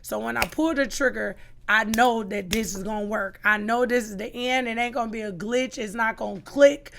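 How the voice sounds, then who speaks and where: A woman's voice: fairly high pitch, fairly even intonation, moderate pace, vocal fry. A middle-aged woman, a podcast guest, giving an emphatic personal testimony and acting out the lines she quotes.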